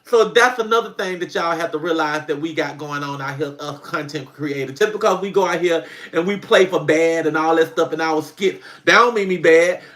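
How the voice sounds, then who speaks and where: A man with a high, bright, ringing voice talks on a casual livestream. He tells animated stories, laughs often and swears freely as he chats with his viewers. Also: normal speed, hardly any pauses. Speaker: comedy skit creator hosting a livestream.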